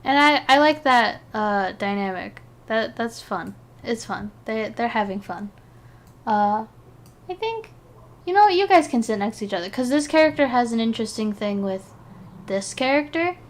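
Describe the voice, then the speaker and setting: A young woman streaming, chatting casually in an excitable, rambling way, sleepy and yawning between thoughts. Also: a little high, moderate pace. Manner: excitable, rambling, giggly, with restarts. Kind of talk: casual chat while ranking game characters.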